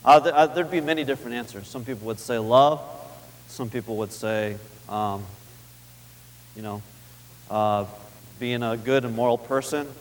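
Man preaching in an echoing hall. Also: medium pitch. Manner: conversational, repeats key phrases for emphasis, reads scripture slowly. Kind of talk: sermon. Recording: long hall reverb.

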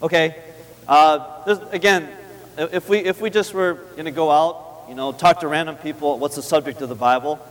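A man delivers a sermon in a relaxed, conversational manner, repeating key phrases for emphasis. His voice sits a little high for a man. He slows down to read scripture, and his words ring out in a large hall with a long reverb. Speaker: preacher.

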